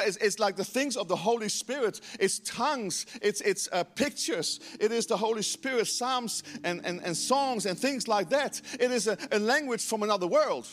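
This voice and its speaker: A man preaching a lively sermon as pastor, acting out quoted voices with emphasis. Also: sits high.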